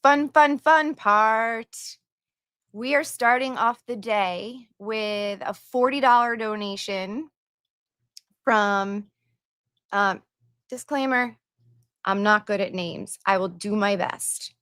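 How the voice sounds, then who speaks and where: A woman's voice: mid-range voice, takes it slowly, long pauses, a bit bright, clear, resonant tone, dry recording, studio quality. A woman hosting a livestream, chatting casually and reading viewer donations and messages aloud with her own asides.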